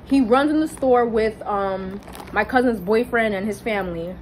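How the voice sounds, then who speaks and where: A young woman casually telling a personal story, animated and swearing, jumping up high when she quotes people. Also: moderate pace, slight background noise, low-quality recording. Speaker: vlogger.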